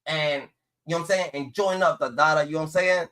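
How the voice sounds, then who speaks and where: A man's voice: on the high side, fast talker, a bit bright. A man hosting a livestream, ranting in rambling casual commentary and filling his talk with "dun dun dun". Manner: rambling, swears often, uses "dun dun dun" filler. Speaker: livestream host.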